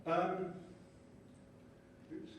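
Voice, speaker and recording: A man giving a lively conference lecture and explaining ideas with small acted-out scenes. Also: extremely slow, slight background noise. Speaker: conference speaker. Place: conference hall. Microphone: distant from the mic. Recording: echoey hall from far off, faint ambience.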